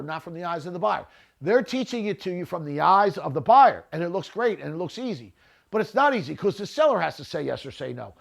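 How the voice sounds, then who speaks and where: This middle-aged podcast host speaks with a fairly high pitch and vocal fry, delivering a blunt, unscripted monologue. He keeps repeating "listen" and "right?" as he talks off the cuff.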